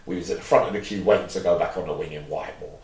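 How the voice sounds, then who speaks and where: This man, a guest in a frank storytelling interview, talks rapid-fire in a deep, darkish voice, rambling through long stories and performing the quoted dialogue. He sits far from the microphone, and the room echoes.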